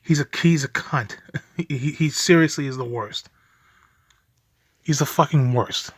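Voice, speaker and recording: A man's voice: mid-range voice, measured pace, breathy edge, no room sound, clean studio sound. A young man giving angry reaction commentary on a video, ranting profanely and laughing bitterly as he talks.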